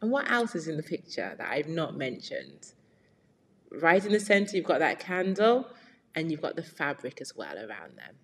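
A woman with a lower voice reads a storybook aloud to children. She stops to explain words and ask them questions in a friendly way. The recording has a long reverb. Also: huge pitch swings, normal speed, slight background noise. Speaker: read-aloud teacher.

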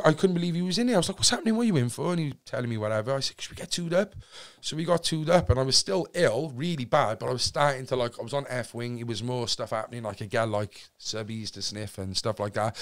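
A young man with a Cardiff accent, a podcast guest telling a story in a casual, animated way and acting out what people said. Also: mid-range voice. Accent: Welsh, Cardiff. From Wales. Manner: animated, acts out quotes, swears freely.

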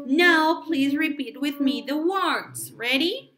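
A woman teaching an English lesson to preschoolers, speaking slowly and enunciating carefully as she prompts children to repeat after her. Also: high-pitched, a bit bright, soft background music.

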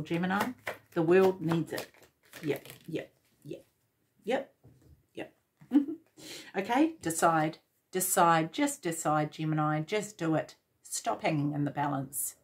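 A woman giving a tarot reading at an unhurried pace. She urges the listener on and repeats her points, addressing them directly. Her voice sits a little low for a woman. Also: expressive. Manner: encouraging, repetitive, direct address. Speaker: tarot reader.

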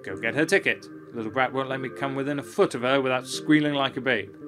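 A man's voice: medium pitch, fast, over music, lightly acted. A man reading out a grouchy ship captain. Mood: gruff. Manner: curt, scolding. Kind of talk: reading game dialogue aloud.

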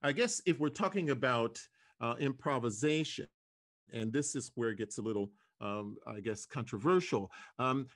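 A man lecturing as a voice professor, speaking in a relaxed, hesitant way with many fillers and sometimes singing short examples. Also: medium pitch, normal speed. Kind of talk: lecture presentation.

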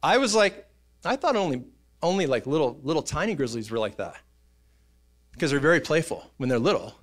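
A man, preaching a sermon in a church, telling stories in an animated way and acting out voices and sounds. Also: on the high side, brisk. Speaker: pastor. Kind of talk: casual sermon storytelling. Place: church auditorium.

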